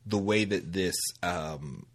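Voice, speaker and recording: Casting: very low-voiced male podcast co-host, loose rambling delivery, quick to laugh. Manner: rambling, filler-heavy, laughs easily. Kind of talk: casual film discussion.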